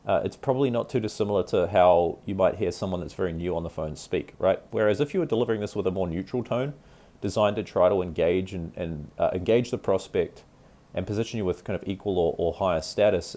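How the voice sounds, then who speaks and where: A man's voice: low voice, fairly quick, warm tone. A man teaching sales technique in a casual, conversational way, often checking in with "right?". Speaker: sales trainer. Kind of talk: instructional talk.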